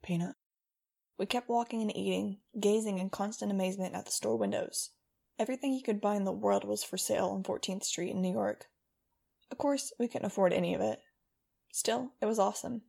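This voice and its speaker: Casting: woman audiobook narrator, wry first-person storyteller, gravelly edge, mid pitch. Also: mellow. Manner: wry, brisk storytelling with voiced dialogue.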